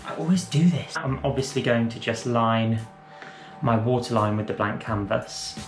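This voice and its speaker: A man's voice: mid-range voice, steady tone, moderate pace. A man chatting through a drag makeup tutorial at home, rambling, correcting himself and playful. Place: room at home. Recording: roomy echo, faint music.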